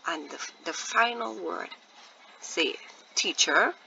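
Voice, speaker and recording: A woman teacher giving a patient phonics lesson to young children, repeating words slowly and asking encouraging questions. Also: lowish voice, lively intonation, creaky, bright, forceful tone, dull audio, slight background noise. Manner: drawn-out, deliberate word repetition with encouraging questions.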